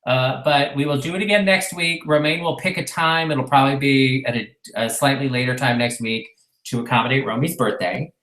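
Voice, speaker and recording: A man's voice: medium pitch, steady tone, a little fast, fairly bright tone, reverberant, low-quality recording. A man co-hosting a casual live video chat, easygoing and mildly wry. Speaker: co-host.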